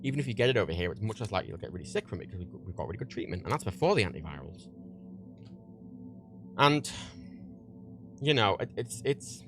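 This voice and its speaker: A livestream host with a fairly low voice rants heatedly and fast, pausing often as he gives his opinions. He's animated and swears a lot.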